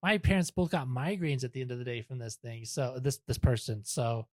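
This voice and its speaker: A man's voice: medium pitch, brisk, dry recording, clean studio sound. A young man talking as a podcast guest in casual chat, rambling and self-deprecating, with many restarts.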